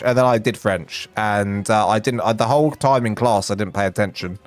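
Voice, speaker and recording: A man's voice: fairly low pitch, fairly quick, few pauses, dry recording. A man from England with a lisp, a game streamer telling rambling, self-mocking stories in casual chat.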